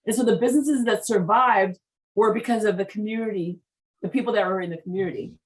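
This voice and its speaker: A woman's voice: mid-range voice, quick pace, rough recording. A Haitian American woman with an American accent, hosting an interview in an eager, gushing way, full of "like" and "I mean". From United States, Haitian American. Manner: enthusiastic, gushing, says "like" and "I mean" often. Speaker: podcast host. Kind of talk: casual interview chat.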